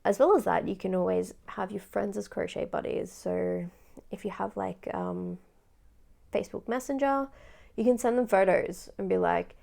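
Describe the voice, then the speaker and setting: A woman's voice: mid-range voice, fairly even intonation, normal speed, gravelly, warm tone. A woman chatting casually about crochet, rambling with lots of fillers. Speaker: crochet vlogger. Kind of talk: casual chat.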